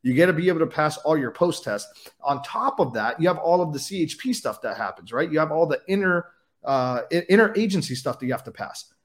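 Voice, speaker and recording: Man, blunt and profane, rapid-fire delivery, slightly raised pitch, casual interview talk. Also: expressive. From California. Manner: fast, blunt, profane storytelling. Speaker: podcast guest, former highway patrol officer.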